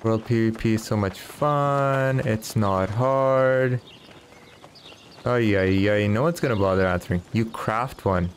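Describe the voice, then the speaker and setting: A man's voice: lowish voice, takes it slowly, a little hiss or hum. A man giving laid-back, chatty gameplay commentary, thinking aloud as he plays. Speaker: gaming streamer.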